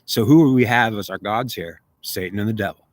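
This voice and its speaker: A man's voice: lowish voice, fairly quick, no room sound. A man delivering an emphatic, rambling spiritual monologue as a video host. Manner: rambling, emphatic, self-dialogue.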